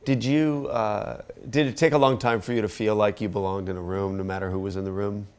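A man hosting a conversation as the interviewer, his voice sitting somewhat low. He asks curious, probing follow-up questions. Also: steady tone, fairly quick, darkish tone, clear, resonant tone.

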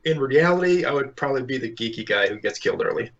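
A man's voice: medium pitch, lively intonation, fast, gravelly, a crowd in the background. A man who acts as a guest on a podcast, answering in a laid-back, self-deprecating way. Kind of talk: casual interview answers. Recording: dull lo-fi sound.

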